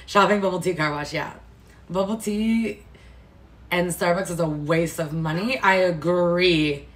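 A woman's voice: lowish voice, a little slow. A woman chatting casually to her camera at home, rambling through a story and swearing freely. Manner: chatty, rambling, swears freely, retells stories with quoted voices. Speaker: vlogger. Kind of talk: casual vlog chat to camera.

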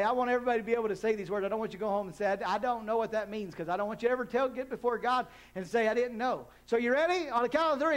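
A man's voice: very high-pitched, rapid-fire, few pauses. A man preaching a sermon as pastor in a church, rising into emphatic call-and-response with the congregation. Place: church hall.

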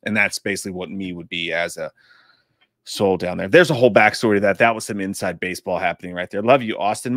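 With a low-pitched, somewhat bright voice and a quick pace, a podcast co-host in his thirties or forties reads live chat on a casual stream. He's jokey, profane and prone to rambling, and the studio-quality audio has no room sound.

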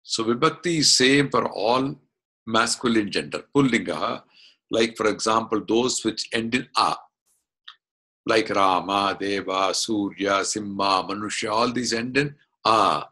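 A man teaching an online class, explaining slowly step by step and asking questions as he goes. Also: on the low side, bright, forceful tone. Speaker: Sanskrit teacher. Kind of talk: online lesson. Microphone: video call.

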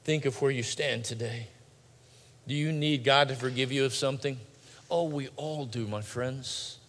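A male pastor preaching a sermon in a large church, swinging between loud urgent pleading and quiet hushed lines. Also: medium pitch, moderate pace. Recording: long hall reverb.

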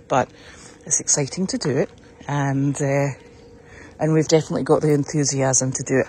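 A woman's voice: very deep voice, steady tone, moderate pace, pauses often, mellow, slight background noise. A woman who keeps an animal sanctuary, chatting upbeat in a casual vlog while she walks the paddocks outdoors, filming on a handheld phone. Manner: chatty and upbeat, cooing at her puppy. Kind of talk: casual walk-around vlog. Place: outdoors on a farm, walking the paddocks.

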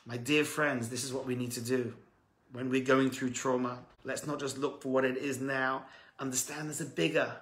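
A man, a rabbi, preaching a sermon through dramatic stories, moving between hushed asides and fervent, rising calls to his listeners. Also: medium pitch, level tone, normal speed, roomy sound. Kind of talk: storytelling sermon.

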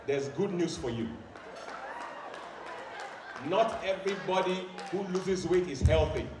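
A man's voice: high-pitched, far from the mic, background noise. Nigerian man doing stand-up in an echoey hall. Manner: animated, preacher-like, repeats lines for effect. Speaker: stand-up comedian. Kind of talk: stand-up comedy. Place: live venue with audience.

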